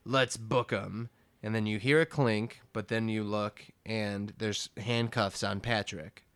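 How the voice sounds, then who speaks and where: A man's voice: lowish voice, fairly even intonation, measured pace, smooth. A man co-hosting a podcast, casually retelling cartoon scenes and quoting lines. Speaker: podcast co-host. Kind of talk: casual episode recap.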